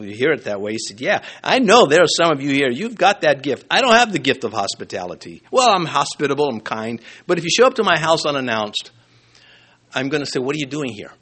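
Man preaching a lively sermon. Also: on the high side. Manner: conversational preaching with humor and asides. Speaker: pastor. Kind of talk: expository sermon.

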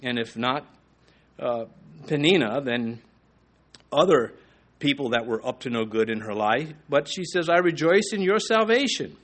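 A man preaching a sermon, reading scripture slowly with rising emphasis and dropping to a soft, low voice for asides. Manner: slows and rises in pitch on quoted scripture. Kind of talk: expository sermon.

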